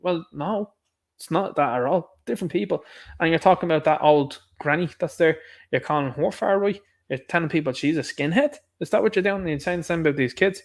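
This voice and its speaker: A man's voice: fairly high pitch, brisk, gravelly. A man hosting a livestream, chatting casually and reading out viewers' comments and answering them. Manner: chatty, talks back to chat comments. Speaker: livestream host.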